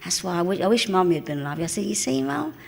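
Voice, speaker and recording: A woman's voice: on the low side, racing, darkish tone. An older woman in her seventies from the East End of London with a Cockney accent, telling anecdotes in a live on-stage interview and acting out the voices of the people she quotes. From East End of London, England. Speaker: guest actress. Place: cinema auditorium before an audience.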